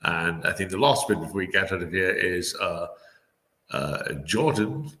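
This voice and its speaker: A man's voice: low-pitched, lively intonation, unhurried, sharp tone. A man giving casual spoken commentary on a debate, rambling with many fillers and restarts.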